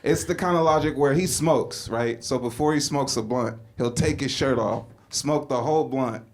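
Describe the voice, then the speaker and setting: A man's voice: mid-range voice, moderate pace. A man from Compton, California, doing a stand-up comedy set, telling stories in a laid-back way and laughing at his own jokes. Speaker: stand-up comic. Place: comedy club, indoors.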